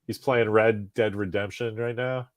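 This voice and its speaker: A man's voice: on the low side, steady tone, unhurried, dry recording, clean studio sound. A man in his forties co-hosting a podcast, chatting casually in a rambling, self-deprecating way and laughing often. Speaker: podcast co-host. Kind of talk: casual chat.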